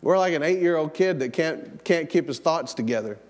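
In a church sanctuary, this middle-aged pastor delivers his sermon like a conversation, circling back on words and telling stories about his family. He talks a little fast in a slightly high, darkish voice with lively intonation, and long hall reverb fills the recording.

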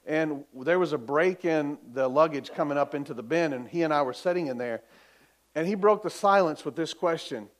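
A man's voice: on the high side, moderate pace. A man preaching a sermon as pastor, telling a story earnestly and building to emphatic exhortation.

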